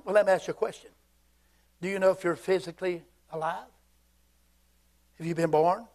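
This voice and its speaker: A Southern man in his fifties preaching a fiery, folksy church sermon, swinging between shouts and hushed asides. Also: high voice, fairly even intonation, normal speed, pauses often. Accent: Southern American. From Southern United States. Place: church sanctuary.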